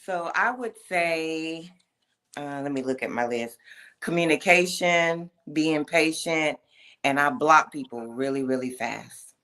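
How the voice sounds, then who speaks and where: A woman's voice: low-pitched, slow, fairly bright tone. A woman in her thirties from the Atlanta area, a guest answering a dating-show host's questions over a video call, polite and composed. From Atlanta area, United States. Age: 30s. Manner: polite and composed, with brief laughs. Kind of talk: casual interview answers.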